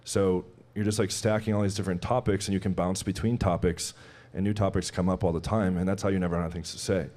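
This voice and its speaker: A man appearing as a guest dating coach on a podcast, explaining his advice in quick, rambling casual talk. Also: low-pitched, fairly even intonation, darkish tone. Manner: explains with quick run-on sentences full of "like".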